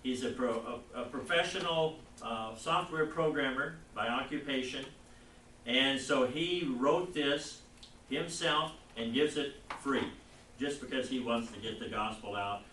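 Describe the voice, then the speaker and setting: Guy teaching a bible class, bright voice, kinda rambly, stops and restarts a lot, faint hiss behind. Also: mid-range voice. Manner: rambling, halting, explains by asking the class. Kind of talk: classroom lecture with student questions. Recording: echoey classroom recorded from far off.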